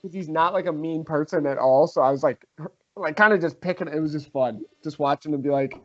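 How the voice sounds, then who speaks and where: Young male podcast host, animated storyteller, somewhat high voice, slightly dull recording. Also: fairly quick. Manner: animated, swearing, acts out quotes. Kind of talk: casual storytelling among friends.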